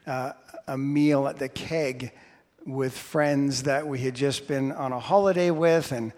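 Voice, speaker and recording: A man's voice: mid-range voice, steady tone, measured pace, darkish tone. A pastor in his sixties telling a humorous personal story during a sermon. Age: 60s. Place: church sanctuary. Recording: long hall reverb.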